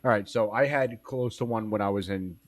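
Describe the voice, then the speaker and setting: A man's voice: on the low side, brisk, no room sound. A man co-hosting a comedy podcast, telling rambling, profane stories in crude, casual banter. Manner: profane, rambling storyteller, trails off mid-sentence. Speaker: podcast co-host.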